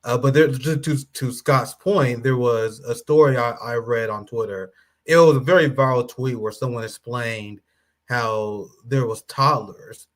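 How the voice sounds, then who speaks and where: A man's voice: medium pitch, unhurried. Conversational man on a podcast panel. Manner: conversational, with frequent fillers and restarts. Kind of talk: casual panel discussion.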